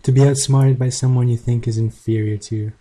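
Dark, husky man with a combative edge. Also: medium pitch, fairly even intonation, brisk. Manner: combative, mocking. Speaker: video creator responding to a critic. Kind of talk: argumentative rebuttal video.

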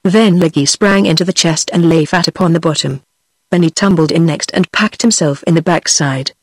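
A computer-generated woman's voice with a British accent, reading a fairy tale aloud in an even synthetic manner. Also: fairly low pitch, moderate pace, breathy edge, no echo. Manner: even synthetic reading of all parts in one voice. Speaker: narrator. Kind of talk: text-to-speech audiobook reading.

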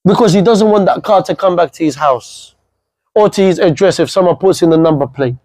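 Young guy preaching hard to the youth, blunt and fiery, slangy, voice sits pretty high. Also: brisk, darkish tone, rough recording. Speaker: guest speaker. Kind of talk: impassioned religious youth talk.

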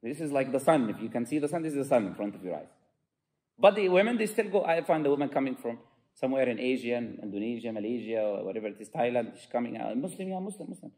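A man's voice: medium pitch, fast talker, mellow. A man giving an impassioned mosque lecture as a preacher, fervent and peppered with Arabic phrases.

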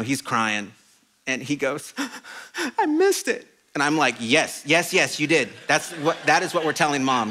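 A middle-aged man preaching a sermon as a pastor, telling stories in an animated, self-deprecating way. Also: mid-range voice. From Mexican heritage. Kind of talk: storytelling sermon. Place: church auditorium.

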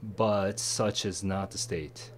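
A tired man reading a passage and thinking aloud, musing in a low-energy way as a test prep tutor. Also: steady tone, slow pace.

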